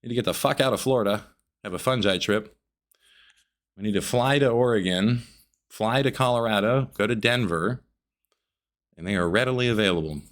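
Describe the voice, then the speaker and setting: A man co-hosting a podcast, chatting casually, reacting loudly and joking around. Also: moderate pace, long pauses. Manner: loud reactions, swings wildly in pitch, joking impressions. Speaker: podcast co-host. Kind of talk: casual chat.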